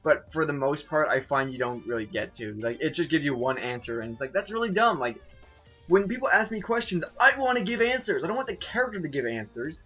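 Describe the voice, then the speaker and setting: A man's voice: a little high, big pitch swings, brisk, bright, forceful tone, breathy edge, soft background music. A man casually commenting on a video game he is playing, rambling and self-mocking with lots of "like" and restarts. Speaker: let's play host.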